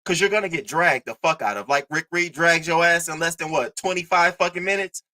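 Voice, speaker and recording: Bright-voiced, animated male streamer. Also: a little high, brisk, rough recording. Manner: animated, profane, mocking. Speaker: commentary streamer. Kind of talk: casual commentary talking to a live chat.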